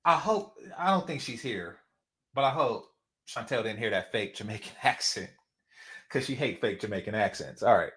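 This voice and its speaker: A man's voice: fairly low pitch, animated, normal speed, a bit bright, echoey room. A man hosting a reaction commentary on a clip, talking in an incredulous, sarcastic and emphatic way. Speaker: commentary channel host.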